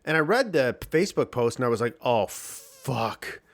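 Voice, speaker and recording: A man hosting his podcast alone from his home basement, talking candidly with a morning voice, clearing his throat, swearing and restarting sentences. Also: fairly high pitch, big pitch swings, fast talker. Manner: candid, rambling, swears freely, frequent restarts. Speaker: podcast host. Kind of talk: casual solo podcast monologue.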